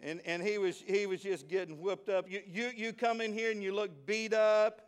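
A man with a Southern US accent preaching a lively sermon as pastor, dropping into quiet asides and jokes before rising to shouted praise. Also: high-pitched, moderate pace, clean tone.

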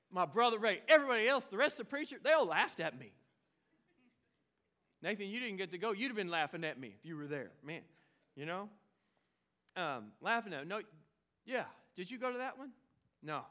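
High, bright-voiced pastor. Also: male voice. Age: 40s. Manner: humorous, self-deprecating, chatty with congregation. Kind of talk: sermon storytelling. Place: church sanctuary.

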